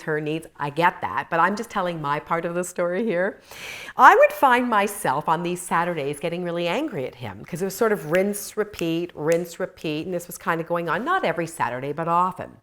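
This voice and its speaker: A woman teaching a Christian course for women. She talks the material through and tells stories from her own life with animated energy, laughing at herself along the way. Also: fairly low pitch, fairly quick. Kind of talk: teaching talk with personal stories.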